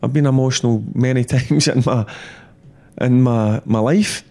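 A man's voice: medium pitch, normal speed. Ex-player guy, middle-aged, fired up and blunt, keeps repeating himself. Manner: animated, repetitive, blunt. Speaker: football pundit, former player. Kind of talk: casual football chat.

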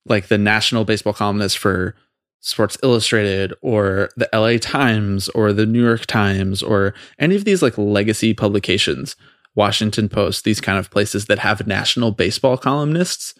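A man co-hosting a podcast, ranting in a fast, profane, exasperated way about something that annoys him. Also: fairly low pitch, fairly bright tone, no room sound, clean studio sound. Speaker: podcast co-host. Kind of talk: heated casual podcast rant.

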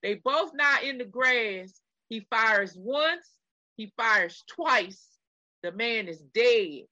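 A woman's voice: slow, dry recording, dull audio. A woman with a Texan accent, co-hosting a casual chat and animatedly retelling a story, acting out what people said. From Texas. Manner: animated retelling, acting out quotes in a high screaming voice. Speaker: podcast co-host.

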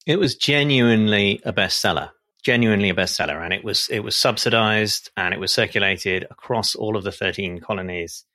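Man, guest historian: low, forceful, animated, dry close sound. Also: a little fast, dry recording. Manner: animated storyteller, laughs often, some restarts. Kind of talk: conversational podcast discussion.

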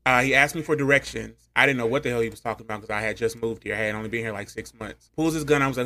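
A man co-hosting a casual podcast, telling comic stories in an animated way and laughing often. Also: mid-range voice, racing, hardly any pauses. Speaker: podcast co-host. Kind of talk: casual chat, comic storytelling.

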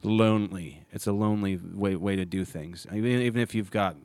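A man with a low voice hosts a casual podcast chat. He talks fast and rambles, cutting himself off and starting over. The sound is dry and close. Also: darkish tone, smooth, dry recording. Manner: rambling, self-interrupting, many restarts. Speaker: podcast host.

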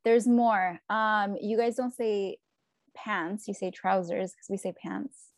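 A woman's voice: medium pitch, steady tone, slow, no echo. A woman from California with an American accent in casual chat on a video call, friendly and curious, with many fillers.

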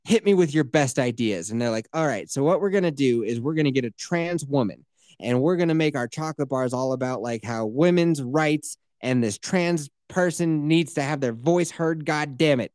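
A man's voice: fairly high pitch, animated, moderate pace, darkish tone, dry recording. A man co-hosting a casual podcast, cursing freely, talking sarcastically and acting out mocking voices. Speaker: podcast co-host.

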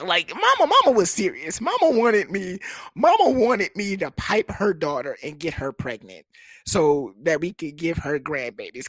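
A young man in his twenties telling a funny personal story in a casual, profane way. His pitch swings widely as he gets animated, and the recording is close and dry. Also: slightly rough, no echo. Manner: animated, profane, lots of fillers.

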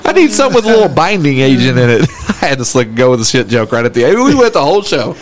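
A man's voice: medium pitch, big pitch swings, fast, crowd noise. A man co-hosting a podcast in casual chat, crude and laughing often as he tells stories. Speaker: podcast co-host.

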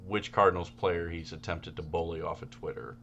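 A man co-hosting a casual podcast, telling animated stories with loud, laughing outbursts. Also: low-pitched, fairly quick, dull audio, a little hiss or hum. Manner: animated storytelling, bursts into loud laughing shouts. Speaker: podcast co-host.

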